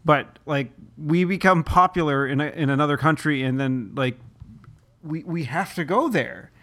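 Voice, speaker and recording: A man's voice: fairly high pitch, normal speed, pushed and bright. A man co-hosting a podcast, rambling and hesitant in casual chat, swearing freely. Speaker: podcast co-host.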